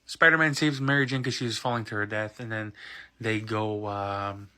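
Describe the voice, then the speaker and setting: A man's voice: lowish voice, fairly even intonation, normal speed, sharp tone. A man in his thirties hosting a podcast, recapping a film in a casual, rambling way with restarts and self-corrections. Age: 30s. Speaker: podcast host.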